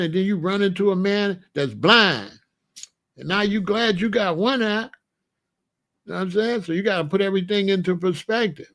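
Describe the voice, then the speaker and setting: A man hosting a comedic monologue, an animated, profane storyteller who laughs often. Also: sits high. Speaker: podcast host.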